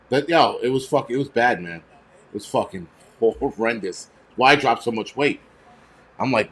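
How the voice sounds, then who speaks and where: A middle-aged man hosting a casual livestream chat, ranting with heavy profanity and animated outbursts. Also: medium pitch, moderate pace. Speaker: host.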